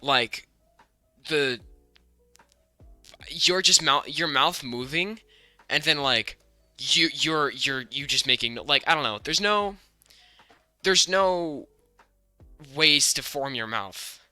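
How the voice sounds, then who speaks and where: A young American man co-hosting a podcast in casual chat, rambling with many restarts and quick bursts of speech. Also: on the high side, pushed and bright, clear, resonant tone, no room sound, faint music behind. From United States. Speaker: podcast co-host.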